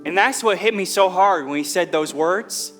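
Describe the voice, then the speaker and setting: An actor on a theatre stage telling a long story as a poor drifter, in folksy, rustic speech. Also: male voice, high voice, normal speed, fairly bright tone, faint music behind. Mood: earnest.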